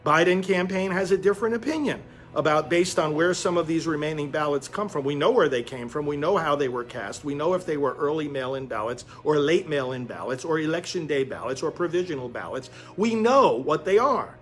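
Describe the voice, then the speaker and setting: A man's voice: on the high side, animated, fairly quick, few pauses, soft background music. A man giving emphatic political commentary, insistent and urgent, calling his listeners friends.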